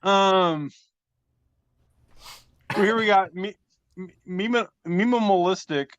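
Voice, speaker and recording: A man's voice: high voice, takes it slowly, clean tone, no echo, dull audio. A man hosting a podcast over a video call, describing memes aloud in a rambling, self-deprecating way with casual swearing. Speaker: podcast host reading memes.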